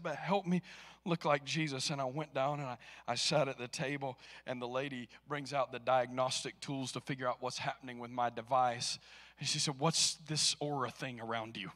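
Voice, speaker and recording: A man preaching a sermon as pastor, swinging from hushed storytelling to loud exhortation. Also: mid-range voice, fairly even intonation, normal speed, long reverb tail. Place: church sanctuary.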